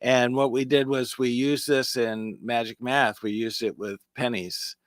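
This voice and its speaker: A man's voice: medium pitch, fairly even intonation, unhurried, dry recording, clean studio sound. A man co-hosting a casual chat show about magic, explaining tricks step by step and counting aloud. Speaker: podcast co-host.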